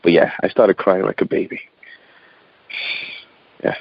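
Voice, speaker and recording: Deep-voiced man in his thirties, earnest. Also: flat delivery, measured pace, creaky, dry recording, highs cut off. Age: 30s. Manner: earnest, repeats words, laughs often. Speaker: interview guest. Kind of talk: phone interview, personal storytelling. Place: outdoors.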